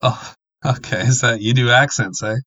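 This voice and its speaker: A man co-hosting a podcast in casual chat, measured and dry-humored. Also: mid-range voice, steady tone, pushed and bright, dry recording, lo-fi sound. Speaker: podcast co-host.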